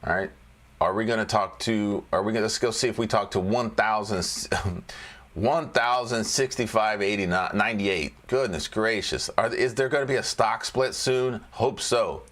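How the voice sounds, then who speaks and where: At a moderate pace, a trading educator whose voice is on the low side and a bit bright chats his way through stock charts in a casual screen-share. Repeated phrases, self-directed jokes, and laughter run through his talk.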